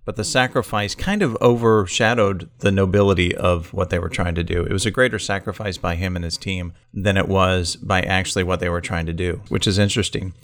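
A man co-hosting a podcast, talking in a relaxed, reflective way with playful banter. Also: low-pitched, brisk, few pauses, no room sound. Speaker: podcast co-host. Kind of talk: casual conversational podcast.

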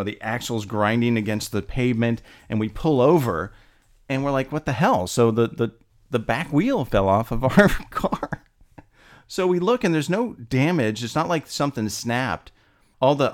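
A man in casual conversation, telling a long personal story with lots of energy. He laughs often and pushes his voice up when he gets worked up, at a middling pitch. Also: moderate pace. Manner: animated, laughs often, rising with indignation.

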